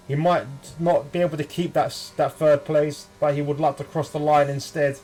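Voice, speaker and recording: A British man commentating a sim race, jokey and rising to excited shouts. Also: a little high, brisk. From United Kingdom. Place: home room with children nearby. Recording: loud background noise.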